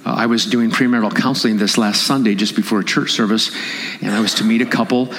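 This pastor speaks fast with a lowish, fairly even voice that has a slightly bright edge, preaching with passion and climbing into forceful, raised appeals. Recorded in a conference hall with long reverb, the audio carries a little hiss or hum.

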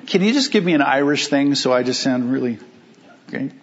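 A man preaching a sermon as pastor, emphatic, asking rhetorical questions and slowing down on key phrases. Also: medium pitch, lively intonation, highs cut off.

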